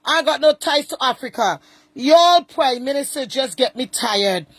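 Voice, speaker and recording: A woman's voice: high-pitched, expressive, measured pace. A woman giving casual, indignant commentary from home and repeating her points for emphasis. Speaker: online commentator.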